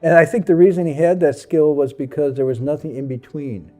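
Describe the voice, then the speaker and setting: A man's voice: a little high, fairly even intonation, a little fast, mellow, faint music behind. A man who is a Buddhist monk, telling a story from his past and acting out the people in it. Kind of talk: storytelling talk.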